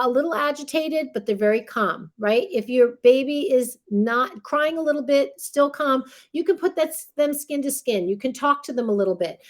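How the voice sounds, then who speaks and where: A woman teaching a baby care class, explaining step by step and checking in with her listeners through frequent tag questions as she demonstrates. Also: a little high. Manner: demonstrates holds while talking.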